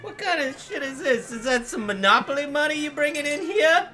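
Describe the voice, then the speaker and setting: A man voicing a rough, scoffing male drinker at a bar, talking in streetwise slang. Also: very high voice, expressive, a little fast, sharp tone, soft background music, voice pushed up, full character voice.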